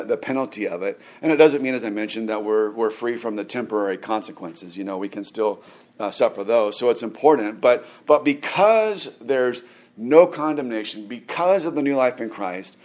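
A man in his forties delivers a sermon in an easygoing, conversational tone. He often stumbles over restarts and filler words, then lifts into louder, emphatic stretches to press a point. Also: mid-range voice. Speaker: pastor.

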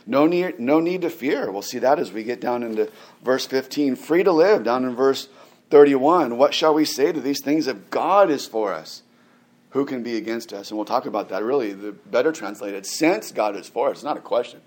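A pastor in his forties gives a sermon in an easygoing, conversational tone, his mid-range voice animated at a moderate pace. He often stumbles over restarts and filler words, then rises into louder, emphatic stretches to press a point.

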